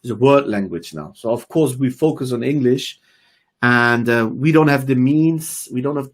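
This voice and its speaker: Interview host, male, husky voice, mid pitch, urges and exhorts, slips in Arabic phrases. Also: moderate pace. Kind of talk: online interview.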